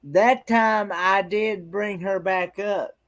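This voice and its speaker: Slow, high-voiced man hosting a chat. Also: steady tone, a bit bright. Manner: halting, repeats words while searching for them. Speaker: livestream host. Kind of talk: casual late-night chat.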